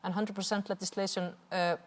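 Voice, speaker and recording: Icelandic woman activist at a seminar, fervent but halting, mid-pitched, long hall reverb. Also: flat delivery. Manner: earnest, impassioned, with frequent hesitations. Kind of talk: seminar presentation with slides. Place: large hall at a cultural venue.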